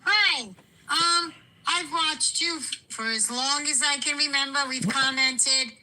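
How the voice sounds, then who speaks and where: A woman's voice: high voice, measured pace, pushed and bright, low-quality recording. A woman from Fall River, Massachusetts, with a strong local accent, calling in to a live stream and talking in a rambling, emphatic way. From Massachusetts, USA. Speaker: caller. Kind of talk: casual call-in chat.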